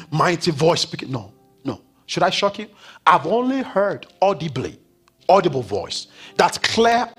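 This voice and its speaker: A male pastor preaching a sermon in a church, swinging from loud declarations to hushed, whispered words. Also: high-pitched, breathy edge. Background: faint keyboard music.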